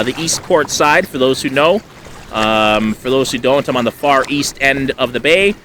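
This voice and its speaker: Man, bright voice, rambling fishing story, faint outdoor hiss, camera mic by a lake. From Canada. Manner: rambling, lots of fillers, gets loud and high when excited. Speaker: angler telling a fishing story.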